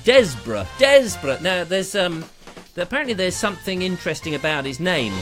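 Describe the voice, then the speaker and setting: A man's voice: a little high, a bit bright. A man hosting a live online show in a small studio, rambling and joking on a lapel mic. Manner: jokey, playful, digressive. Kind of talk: rambling live-stream chat.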